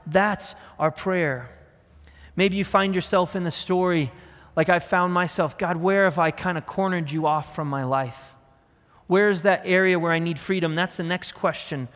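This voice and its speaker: A man's voice: a little high, a bit bright. Earnest male pastor in reverberant hall. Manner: earnest, repeats questions for emphasis, slows down on key words. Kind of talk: sermon.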